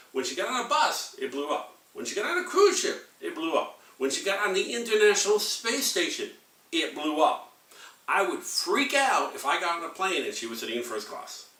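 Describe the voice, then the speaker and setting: A man in his forties rehearsing a stand-up comedy act, delivering deadpan one-liners with frequent filler segues. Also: fairly high pitch, roomy sound, far from the mic. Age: 40s.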